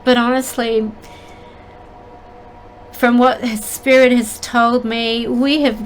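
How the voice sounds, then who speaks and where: A middle-aged woman speaks as a spiritual medium, sharing her experiences with a heartfelt, halting sincerity. Her voice sits a little high and moves at an unhurried, deliberate pace. A faint hum of room sound lingers behind her. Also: flat delivery, low-quality recording. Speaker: spiritual medium and channel host. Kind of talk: earnest personal storytelling.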